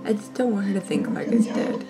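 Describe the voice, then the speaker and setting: A woman's voice: medium pitch, brisk, over loud music. A young woman hosting a reaction video, talking casually and rambling with frequent laughs. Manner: chatty, rambling, laughs often.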